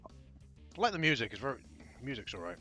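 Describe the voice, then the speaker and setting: A man's voice: medium pitch, sing-song, fairly quick, sharp tone, faint music behind. A young man hosting his own gaming channel, chatting casually over a first playthrough, rambling and trailing off as he plays. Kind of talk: casual game commentary.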